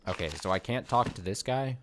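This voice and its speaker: A man's voice: fairly low pitch, expressive, a little fast, noisy background. A young man hosting a let's play, rambling and stammering in casual commentary. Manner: rambling, stammering, laughs often.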